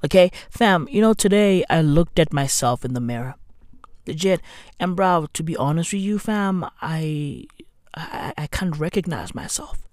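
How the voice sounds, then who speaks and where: A woman ranting in a profane, slang-heavy, sarcastic vlog. She swings between loud outbursts and hushed asides. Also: low voice, lively intonation, measured pace, no room sound, studio quality. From South Africa. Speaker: vlogger. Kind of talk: profane self-mocking vlog rant.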